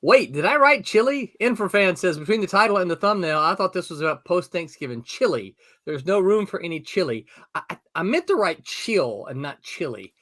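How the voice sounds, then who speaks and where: A man's voice: high voice, big pitch swings, brisk, fairly bright tone. A middle-aged man hosting a casual live stream, laughing often and reading viewer comments aloud over his desktop call mic. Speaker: host of a live comics stream. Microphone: desktop mic on a video call.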